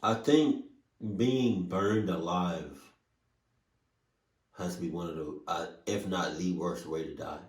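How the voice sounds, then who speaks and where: This man hosts a reaction video, speaking emotionally, swearing a lot, and breaking into sudden loud outbursts. His low voice moves slowly with long pauses. He sits far from the mic, so the sound has a roomy echo.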